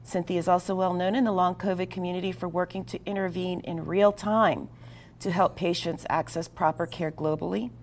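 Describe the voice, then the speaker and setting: Earnest woman host with a lowish voice. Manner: earnest, emphatic, with small stumbles. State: slightly stumbling over words. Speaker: talk show host. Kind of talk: scripted guest introduction.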